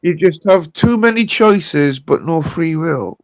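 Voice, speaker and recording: A man's voice: a little high, lively intonation, measured pace, no echo, muffled recording. A Scottish man streaming live, chatting casually, laughing and swearing, calling people mate. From Scotland. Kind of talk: casual livestream chat.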